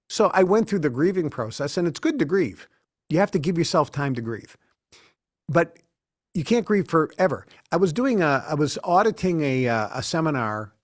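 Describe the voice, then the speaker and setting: A man's voice: fairly high pitch, no echo. A man in his sixties, an interview guest in a studio, telling long stories and acting out the dialogue. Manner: anecdotal, acts out quoted dialogue.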